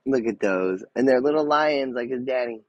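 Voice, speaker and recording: A man in his thirties chats on a casual live stream at normal speed and medium pitch, bubbling over with excitement, littering his speech with fillers and restarts, and at times lowering to a gentle murmur. The recording is muffled, with a faint hiss or hum.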